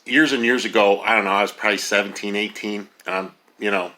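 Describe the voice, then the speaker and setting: A man's voice: fairly low pitch, fairly even intonation, fast talker, bright, forceful tone. A man in his fifties hosting a casual cooking video, talking in a rambling way with lots of ums and uhs. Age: 50s. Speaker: home cook host.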